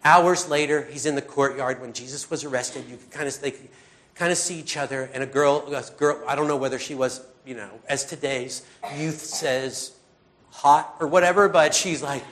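A man's voice: medium pitch, fairly even intonation, normal speed, fairly bright tone. A middle-aged man preaching a sermon in a conversational, earnest way, full of fillers and sighs.

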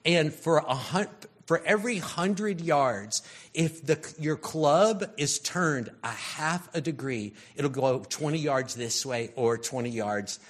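A man's voice: fairly high pitch, animated, slow. A man giving a conversational sermon, telling stories in a loose, rambling way with lots of fillers. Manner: rambling, storytelling, frequent fillers. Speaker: preacher.

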